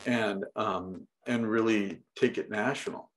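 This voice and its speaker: A man's voice: fairly low pitch, steady tone, unhurried, a little hiss or hum. A middle-aged man talking casually as an interview guest, rambling with lots of fillers and restarts and the odd swear word. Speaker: podcast guest.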